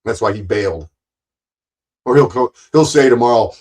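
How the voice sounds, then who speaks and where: A man's voice: mid-range voice, lively intonation, normal speed, darkish tone. A man hosting a livestream, ranting angrily and sarcastically, swearing constantly and repeating his points for emphasis. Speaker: livestream host. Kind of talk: profane livestream rant.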